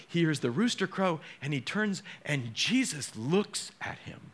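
A man preaching a sermon as a pastor, emotional and dramatic, dropping to hushed tones and rising again. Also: a little high, expressive, unhurried, few pauses.

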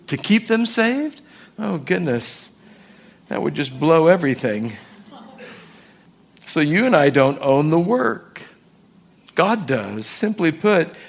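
Gravelly, animated preacher man. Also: a little high. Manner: animated, acts out voices and quotes. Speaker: pastor. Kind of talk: sermon.

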